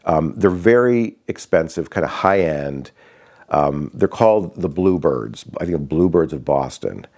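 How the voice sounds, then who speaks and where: A man with a very low voice tells a story from his life as a father. His pitch swings widely as he acts out what others said, and he often stops and restarts mid-sentence. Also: animated, darkish tone. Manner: halting, many restarts and fillers, acts out quoted voices. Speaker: father sharing a personal story. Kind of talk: casual personal storytelling.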